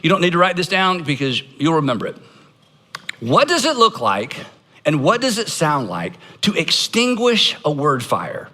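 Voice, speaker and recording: Male pastor, bright and forceful tone, live sermon in a reverberant auditorium, stage mic. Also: fairly high pitch, huge pitch swings, normal speed. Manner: emphatic, leads congregation in call-and-response practice.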